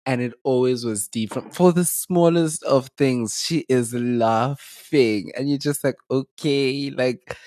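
A South African podcast co-host telling rambling, animated anecdotes in casual chat, laughing along the way. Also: mid-range voice, measured pace, hardly any pauses, no echo, clean studio sound.

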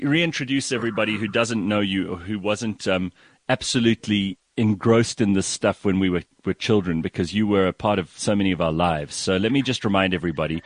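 Animated man hosting a radio show. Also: lowish voice, no room sound. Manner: animated, teasing. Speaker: radio host. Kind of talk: casual radio chat.

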